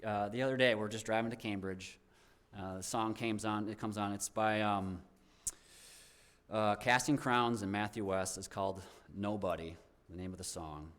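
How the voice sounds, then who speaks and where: A young man stands before a congregation and shares a personal testimony in a loose, rambling way, often circling back and restarting his sentences. His voice sits a little low, and his delivery is heartfelt rather than polished. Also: steady tone, moderate pace, fairly bright tone. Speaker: guest speaker at a church.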